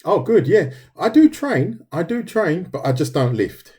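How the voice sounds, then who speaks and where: A man's voice: fairly high pitch, very animated, measured pace, a little mellow, slightly rough. A middle-aged man, chatting casually with viewers on a livestream while he draws. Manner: chatty, talks to viewers, says "mate" often. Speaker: livestreaming artist.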